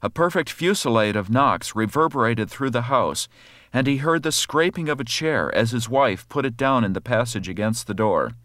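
A man narrating a horror story aloud in a measured, dramatic way. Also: mid-range voice, animated, a bit bright, no echo, clean studio sound.

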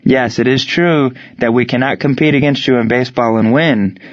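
A man voicing a proud German prisoner of war who speaks in stiff, formal, measured phrases. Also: medium pitch, no room sound, pitched above the performer's own voice, close to an everyday voice. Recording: dry, dull lo-fi sound.

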